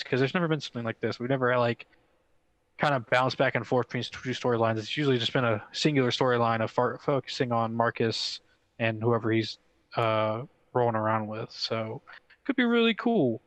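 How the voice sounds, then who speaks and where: Excitable man rambling on a podcast. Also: medium pitch, brisk, dry recording, rough recording. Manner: excitable, rambling with many "like" fillers. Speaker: podcast co-host. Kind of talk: casual chat.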